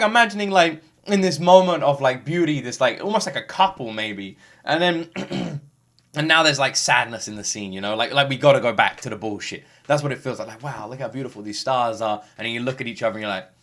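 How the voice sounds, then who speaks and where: Effusive man, lively swinging pitch. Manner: effusive, rambling, swears, halting restarts. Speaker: music reaction host. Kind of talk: casual reaction commentary. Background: game soundtrack playing faintly.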